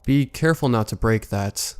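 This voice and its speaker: A man's voice: medium pitch, moderate pace, a little mellow, clear, resonant tone, lightly acted. A man voicing a mysterious teenage girl whose chipper manner turns curt and guarded. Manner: sweet on the surface, curt underneath.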